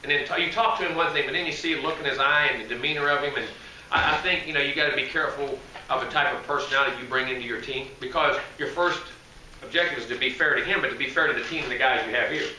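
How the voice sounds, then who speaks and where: Man, head coach at a presser, folksy, rambling, self-correcting; sharp bright tone, heard from afar in an echoey room. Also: mid-range voice, racing, recorded from a distance, slight background noise. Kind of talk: press conference answers. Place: media day press room.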